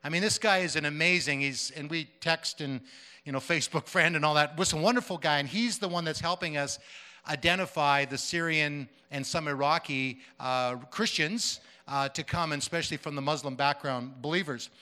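Bright-voiced man preaching conversationally. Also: fairly high pitch, moderate pace. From Canada. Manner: conversational with many fillers and restarts. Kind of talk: sermon storytelling.

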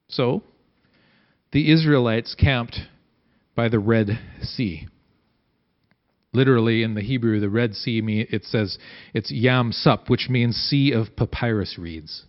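Slow, unhurried man teaching scripture. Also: medium pitch. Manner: unhurried, has listeners repeat lines. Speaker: Bible teacher. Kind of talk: reading and explaining scripture. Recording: dull lo-fi recording.

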